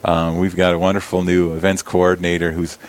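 A deacon from South Dakota who represents an abbey chats casually in a radio studio interview, using a studio mic and headphones. His low voice is flat and fairly quick, with a little hiss or hum, and he rambles with many restarts.

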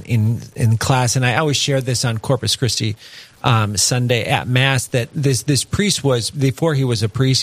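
Earnest priest, dry close sound. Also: male voice, mid-range voice, no room sound. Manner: earnest, reflective, tells stories with many "you know" asides. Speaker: Catholic priest. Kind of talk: conversational faith discussion.

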